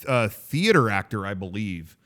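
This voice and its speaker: A man co-hosting a casual movie discussion, hesitant and full of fillers and quick agreements. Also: lowish voice, sing-song, a bit bright. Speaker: podcast co-host.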